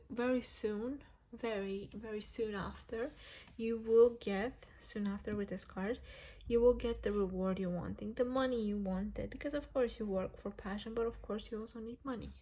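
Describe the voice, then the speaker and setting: Breathy woman chatting through a tarot reading. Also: medium pitch, warm tone. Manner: chatty, self-correcting, laughs often. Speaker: tarot reader. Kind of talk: casual tarot reading to camera.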